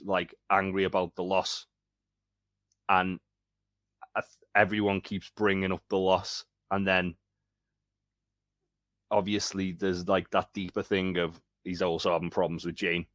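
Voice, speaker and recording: A man's voice: sits low, flat delivery, a little slow, long pauses, fairly bright tone, dry recording. A man co-hosting a casual TV review podcast, talking hesitantly with lots of restarts. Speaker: podcast co-host.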